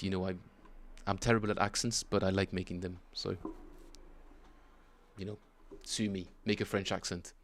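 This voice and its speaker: A man streaming his bass practice, explaining chord tones in a rambling, casual way with lots of fillers and self-corrections. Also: flat delivery, moderate pace, pauses often. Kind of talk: casual livestream teaching chat.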